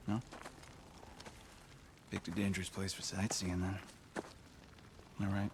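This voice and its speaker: A man's voice: low voice, little pitch movement, takes it slowly, noisy background. An actor playing a proud, wary male god leading rebels, with a mocking, sardonic manner. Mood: menacing.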